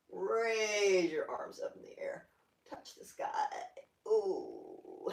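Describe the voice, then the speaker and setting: An older woman with a Southern US accent, leading a gentle yoga class in a folksy, chatty way with playful asides. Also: mid-range voice, drawn-out words, creaky, long pauses. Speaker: yoga instructor. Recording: roomy, from a distance off-mic.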